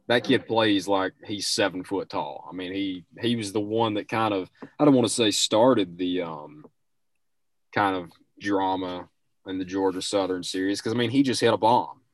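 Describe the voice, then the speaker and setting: Low-voiced opinionated young male sports host. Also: no room sound. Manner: rambling and opinionated, restarts often. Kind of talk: casual opinionated sports chat.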